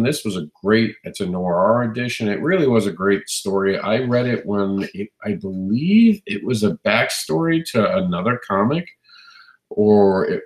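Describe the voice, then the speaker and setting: A man hosting a live online show, talking enthusiastically with frequent restarts, his voice hoarse from recently losing it. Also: fairly low pitch, reverberant. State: hoarse, recovering lost voice. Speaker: host. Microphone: phone mic, standing close.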